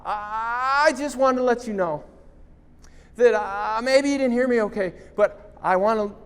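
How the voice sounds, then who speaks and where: A man on stage voicing a polite young college woman who talks softly and hesitantly, with long hall reverb around him. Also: very high voice, unhurried, clear, resonant tone, pitched below the performer's own voice. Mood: apologetic. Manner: soft, hesitant, apologetic.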